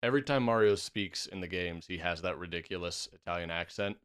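Deep-voiced young man chatting on a podcast. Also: brisk, a bit bright, clean tone. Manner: chatty, laughs often, opinionated. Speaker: podcast co-host. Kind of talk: casual chat.

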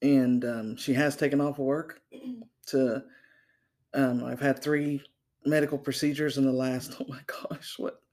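An older woman guest speaking hesitantly, with many pauses and fillers. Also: a bass voice, darkish tone. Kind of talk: interview conversation.

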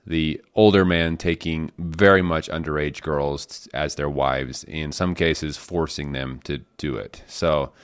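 A man co-hosting a podcast, speaking earnestly and in a measured way. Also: extremely low pitch, fairly even intonation, clear, resonant tone, no echo. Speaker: podcast co-host. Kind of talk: casual chat.

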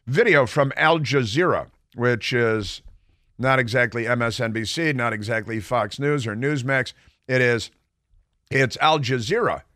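A man's voice: medium pitch, a bit bright, no echo, studio quality. A middle-aged man hosting a radio talk show, delivering opinionated commentary in a combative, mocking way with sarcastic asides. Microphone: studio microphone.

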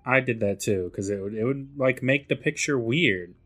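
A man's voice: medium pitch, moderate pace, a bit bright. A laid-back man co-hosting a podcast, chatting casually in an ordinary mid-range voice. He answers with short reactions and easy laughs. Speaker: podcast co-host. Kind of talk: casual chat.

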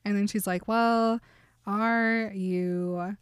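A woman's voice: medium pitch, steady tone, drawn-out words, smooth, no echo, studio quality. A woman chatting casually, retelling scenes in quoted dialogue and laughing often. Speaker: podcast co-host recapping a book. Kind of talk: casual chat.

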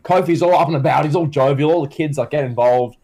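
A man's voice: a little high, quick pace, warm tone, breathy edge. A man co-hosting a casual comedy podcast. He rambles and jokes, with lots of fillers. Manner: rambling, filler-heavy, joking. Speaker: podcast co-host.

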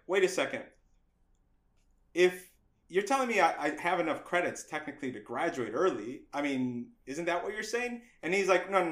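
A middle-aged man, a guest on an interview podcast, telling stories from his youth in a casual, animated way and acting out the voices of people he quotes. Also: fairly high pitch. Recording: roomy echo.

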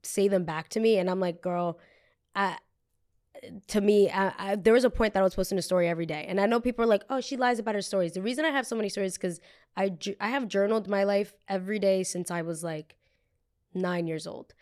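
A woman's voice: medium pitch, fast, a little mellow. A woman in her twenties hosting a podcast, telling a story casually and acting out what others said in raised voices. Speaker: podcast host.

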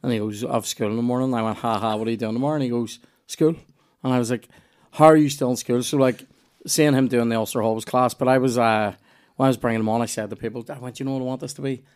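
A man's voice: mid-range voice, fairly even intonation, quick pace, darkish tone, clear, resonant tone. A Northern Irish man telling loose, rambling stories in casual podcast chat, with restarts and swearing.

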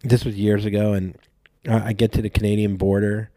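A man's voice: lowish voice, little pitch movement, a little fast, dark tone, dry recording, studio quality. A man hosting a podcast, chatting casually and joking with frequent laughs. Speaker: podcast host. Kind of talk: casual chat.

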